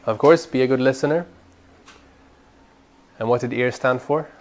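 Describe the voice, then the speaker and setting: A man teaching a training class in an earnest way, repeating words as he builds a point and growing animated when he urges people on. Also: mid-range voice, moderate pace. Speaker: Bible study trainer.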